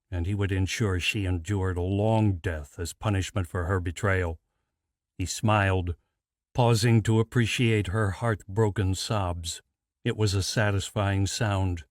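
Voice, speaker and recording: A man narrating a fantasy audiobook in a measured, deliberate scripted read. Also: lowish voice, no echo, clean studio sound.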